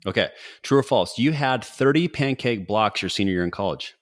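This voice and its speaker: A middle-aged man hosting a podcast in a casual, upbeat and jokey way, firing off quick quiz questions. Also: on the low side, animated. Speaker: podcast host. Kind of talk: casual interview talk.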